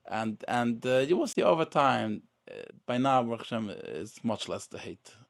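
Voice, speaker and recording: A man's voice: medium pitch, animated, normal speed, vocal fry, dry recording, clean studio sound. A man guest on a podcast, talking earnestly in casual conversation and often repeating words as he restarts. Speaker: podcast guest, real estate agent.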